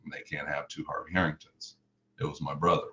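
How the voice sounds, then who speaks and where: A man's voice: a bass voice, little pitch movement, fairly quick, bright, forceful tone. A middle-aged man from Chicago telling a personal story in vivid, emotional present tense. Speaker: motivational speaker. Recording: slightly muffled recording.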